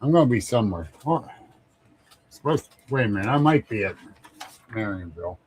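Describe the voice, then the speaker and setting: A man's voice: fairly low pitch, animated, fairly quick, darkish tone, slight background noise. A man hosting a casual live stream, rambling, chuckling often and greeting viewers by name. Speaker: livestream host.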